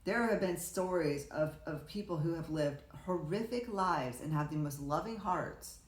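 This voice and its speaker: Low-voiced woman telling stories in an echoey room. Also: normal speed. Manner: rambling storyteller, many restarts, acts out quotes. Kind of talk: casual conversation. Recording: roomy echo.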